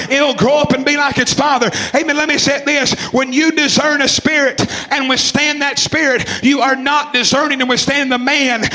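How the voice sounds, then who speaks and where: A man in his twenties preaching a fervent sermon, repeating phrases, shouting some lines and calling on listeners by name. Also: very high voice. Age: 20s. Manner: calls out congregation members by name.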